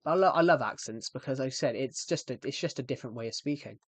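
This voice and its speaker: A man's voice: medium pitch, fast talker, no echo. Chatty young British man streaming. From United Kingdom. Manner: rambling, self-correcting, chatty. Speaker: game streamer. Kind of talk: casual live-stream chat.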